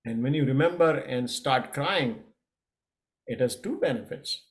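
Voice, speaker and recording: A middle-aged man coaching a yoga lesson in a casual, halting way, with many fillers and restarts. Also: medium pitch, lively intonation.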